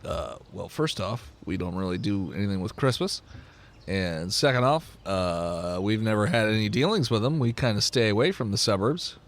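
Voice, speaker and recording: A man voicing a blunt, weary local leader in a flat, dry delivery. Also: fairly low pitch, moderate pace, voice pushed down.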